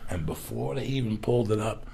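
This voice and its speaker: Gravelly, raspy-voiced New man. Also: mid-range voice, brisk. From Cuba, raised in New Jersey. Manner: loud, animated, profane storyteller who bursts into shouts. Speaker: podcast host. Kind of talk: casual storytelling chat.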